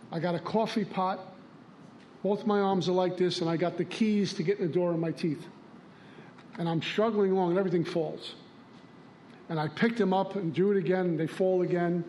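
A man's voice: high-pitched, darkish tone, slight background noise. A man sharing in a recovery meeting, telling plainspoken stories and acting out dialogue. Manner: storytelling, plainspoken, acts out dialogue. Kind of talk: recovery share.

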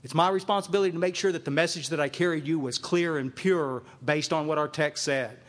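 A man addresses a live meeting, his voice sitting fairly high for a man. He talks with emphatic force and circles back on his phrases to drive them home. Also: fairly quick. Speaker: recovery group speaker and sponsor. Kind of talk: speaking to a live meeting audience. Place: meeting room with a live audience.

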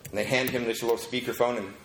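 A man telling a lively story at a recovery meeting and acting out the people in it. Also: mid-range voice, quick pace, echoey room, slight background noise. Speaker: speaker sharing his story at a recovery meeting.

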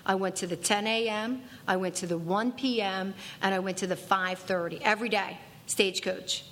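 A woman's voice: medium pitch, fairly even intonation, normal speed, a bit bright, a little hiss or hum. A woman giving a personal testimony at a recovery meeting, earnest and emphatic, repeating key lines for weight. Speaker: speaker sharing at a recovery meeting.

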